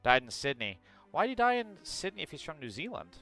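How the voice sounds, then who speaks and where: A man's voice: on the high side, sing-song, a little fast, pushed and bright, soft background music. A male streamer chatting casually and bluntly on a livestream, swearing freely and reacting aloud as he reads news.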